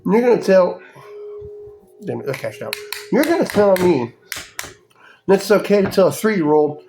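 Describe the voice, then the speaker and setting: Over music, a male podcast host with a high voice and big pitch swings rants angrily at a moderate pace. His monologue is full of heavy swearing and mocking voices.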